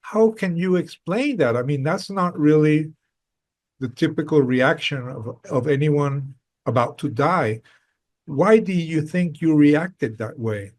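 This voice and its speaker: A man's voice: on the high side, measured pace. A man hosting a podcast interview, asking his guest curious, probing questions.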